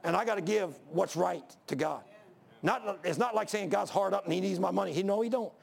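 An older pastor preaches in a high, gravelly voice. He is folksy and emphatic, circling back to the same point again and again. The voice carries in a church during a sermon. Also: brisk.

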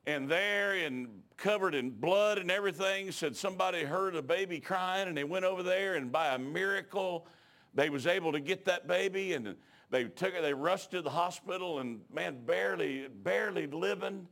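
A high-pitched middle-aged man with a drawl delivers a sermon. He tells the story in a plain, folksy way, then climbs into loud, shouted exhortation. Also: moderate pace, gravelly. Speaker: preacher.

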